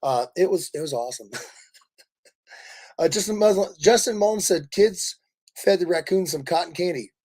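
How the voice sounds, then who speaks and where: Excitable man chatting on a livestream. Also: sits high, normal speed, pauses often. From Kansas City, Missouri. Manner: animated, laughing, rambling storyteller. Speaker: livestream host. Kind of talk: casual livestream chat.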